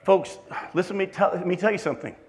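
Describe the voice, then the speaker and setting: Lively storytelling pastor with a raised voice. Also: male voice, high voice, fast, slight background noise. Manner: lively storytelling with self-deprecating humor. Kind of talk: sermon.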